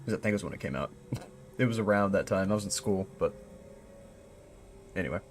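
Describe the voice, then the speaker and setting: A man's voice: sits low, lively intonation, brisk, pauses often, faint music behind. A young man on a live stream, reading reports aloud, then chatting casually, laughing and thinking aloud as he works out a code. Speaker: streamer exploring an online mystery.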